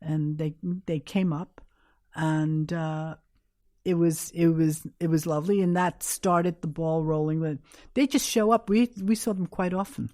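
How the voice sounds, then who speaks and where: A woman's voice: sits low, steady tone, unhurried, dark tone, no room sound, clean studio sound. An older woman with a New York accent, a guest telling candid stories in an interview and acting out the quotes. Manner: candid, anecdotal, acts out quotes. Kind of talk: storytelling in an interview.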